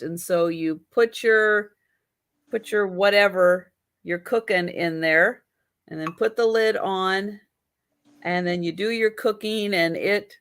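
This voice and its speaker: Female stream-sale host; slow, measured auction calls and item descriptions. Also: fairly low pitch. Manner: slow, patient, explaining items. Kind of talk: live-stream auction chat.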